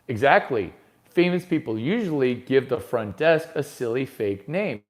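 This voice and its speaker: A man doing a rambling stand-up monologue, brash and profane, swinging from mutters to shouts. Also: medium pitch, animated, unhurried. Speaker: comedian.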